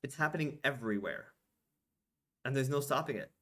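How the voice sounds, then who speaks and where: Young adult male vlog host, mid-pitched, casual exasperated rant, heavy swearing, lots of ums and restarts. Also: animated, a little fast, fairly bright tone. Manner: exasperated, swears often, many fillers and restarts. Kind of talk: casual ranting monologue.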